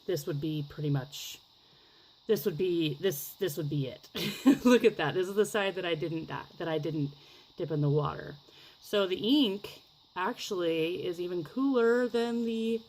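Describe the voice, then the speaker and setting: A woman talks slowly and rather low as she demonstrates a craft at her table. She gushes over each result and rambles from thought to thought, now and then sinking to a whisper. A faint hum of room noise sits behind her. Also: a little mellow, poor audio. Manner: gushing, rambling, chatty, drops into whispers. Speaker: craft vlogger.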